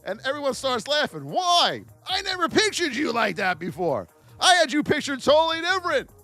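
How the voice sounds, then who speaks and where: A man's voice: extremely high pitch, very animated, moderate pace, sharp tone, dry recording, faint music behind. A man hosting a live stream, calling out stock price levels and joking energetically with his viewers. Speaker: trading educator. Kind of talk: live-stream market commentary.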